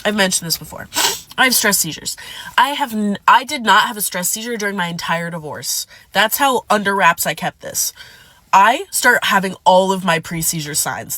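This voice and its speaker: A woman's voice: medium pitch, sharp tone, no room sound. A woman telling a casual storytime to her viewers, dramatic and full of swearing. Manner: dramatic, profane, addresses viewers as "divas".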